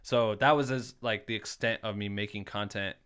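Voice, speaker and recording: A man's voice: fairly low pitch, steady tone, moderate pace, fairly bright tone, smooth. A man in his thirties from Iowa, a podcast guest telling rambling, swear-filled stories in casual chat. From Iowa, United States. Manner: swears freely, rambling anecdotes full of likes. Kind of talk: casual storytelling.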